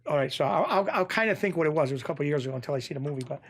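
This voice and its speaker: A man from Springfield, Massachusetts telling a story as a podcast guest. His voice sits a little high, and he acts out the other people's lines. He gets excitable as the tale builds. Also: rapid-fire. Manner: excitable, acts out quotes, jumps pitch when excited. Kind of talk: animated storytelling in a podcast interview.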